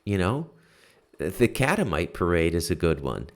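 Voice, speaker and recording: Low-voiced, heated ranting man. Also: very animated, a little slow. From Canada. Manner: heated, profane ranting with sudden loud outbursts; repeats "okay?" to drive points home. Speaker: political commentary host. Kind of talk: ranting solo monologue.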